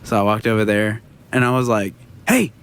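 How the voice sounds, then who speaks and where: A man's voice: on the low side, fairly quick, clean tone. A young man co-hosting a podcast, telling a work story casually and acting out the quotes, with a lot of swearing. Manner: animated anecdote-telling, acts out quotes, swears freely. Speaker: podcast co-host.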